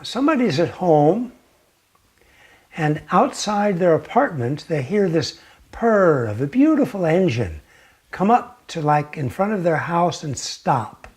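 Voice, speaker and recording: A man giving a gentle teaching talk, telling a story slowly and sometimes dropping to a near whisper. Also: a little high, sing-song, husky. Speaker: meditation teacher.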